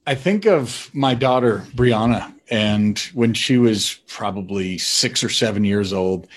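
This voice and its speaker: A man, a father, telling family stories in an animated way and acting out what his family members said. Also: on the low side. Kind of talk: personal storytelling.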